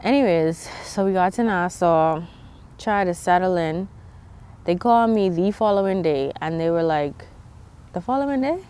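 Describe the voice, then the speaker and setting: A woman's voice: fairly low pitch, animated, moderate pace, a little mellow, clear, resonant tone. A young woman with a Bahamian accent, talking candidly to viewers as she tells her own story on a vlog. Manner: candid and chatty, with restarts and asides to viewers. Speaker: vlogger. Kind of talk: personal storytelling to camera.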